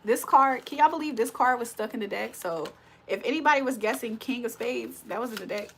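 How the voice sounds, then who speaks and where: A woman's voice: fairly high pitch, brisk, gravelly, a bit bright, husky. A young woman hosting a live stream in casual chat, laughing often and talking to her viewers as y'all. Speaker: livestream host.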